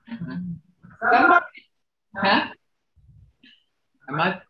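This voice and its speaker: A man teaching a language class over a video call, slowly repeating words to show how tone changes meaning. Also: sits high, huge pitch swings. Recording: roomy, dull video call audio.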